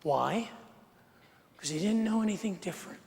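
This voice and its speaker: Middle-aged male pastor, conversational sermon delivery, high gravelly voice, long church-hall reverb. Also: lively intonation, normal speed, a little hiss or hum. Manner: conversational preaching, repeats words, swings from quiet to emphatic. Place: large church sanctuary.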